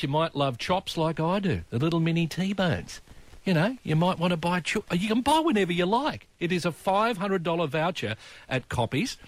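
A man's voice: fairly high pitch, no room sound. A man with an Australian accent hosting breakfast radio in a studio, chatting casually, joking and reading the news.

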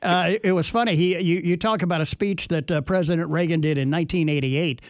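A man hosting a radio interview, talking in an unhurried, drawling way full of filler sounds. His voice sits a little high and his humour is wry. The recording is close and dry, with no room sound. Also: steady tone, no echo. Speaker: radio host.

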